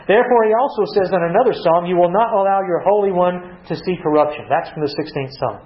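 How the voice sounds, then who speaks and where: A man's voice: high-pitched, quick pace. A man preaching a Bible-teaching sermon, reading verses aloud and asking rhetorical questions. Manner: asks rhetorical questions, reads scripture aloud. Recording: echoey, dull lo-fi.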